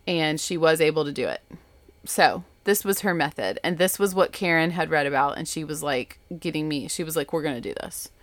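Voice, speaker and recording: Chatty woman with a low voice. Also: normal speed, no room sound. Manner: chatty, rambling, full of asides and "like". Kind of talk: casual storytelling. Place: bedroom at home.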